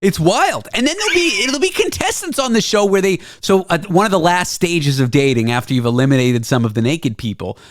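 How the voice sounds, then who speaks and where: A man hosting a podcast in casual comedic chat, joking and animated as he tells stories. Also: high voice, fairly quick, few pauses, a little hiss or hum. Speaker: podcast host.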